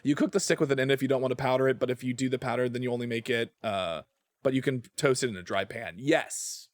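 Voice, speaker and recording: A man's voice: medium pitch, fast talker, no echo. A man chatting casually with viewers while streaming a game, rambling, trailing off mid-thought and laughing often. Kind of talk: casual gaming stream chat.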